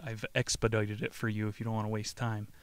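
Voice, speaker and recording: A man's voice: fairly low pitch, level tone, a little fast, clean tone. A man hosting a podcast who casually comments on a book and reads it aloud, rambling in profane slang. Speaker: podcast host.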